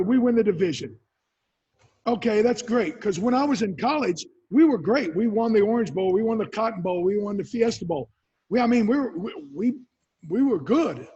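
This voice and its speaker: A man's voice: high-pitched, husky. A retired football player in his sixties, telling stories in an interview and acting out what people said. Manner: animated storyteller, acts out quotes. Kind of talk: storytelling interview answers. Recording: dull lo-fi sound.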